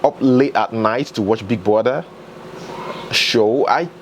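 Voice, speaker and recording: A man's voice: medium pitch, slow pace, a little hiss or hum, low-quality recording. A man hosting entertainment news, giving chatty, opinionated commentary and talking straight to his viewers.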